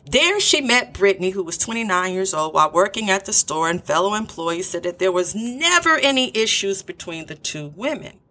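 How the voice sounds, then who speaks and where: Woman, bright voice, true crime narration, blunt asides. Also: medium pitch, animated, normal speed, hardly any pauses. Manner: opinionated, talks straight to the listener.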